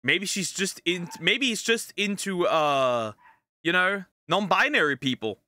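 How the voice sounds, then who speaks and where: A man's voice: high voice, expressive, unhurried, sharp tone. A man streaming casual reaction commentary on clips, rambling and repeating himself as he laughs at his own jokes.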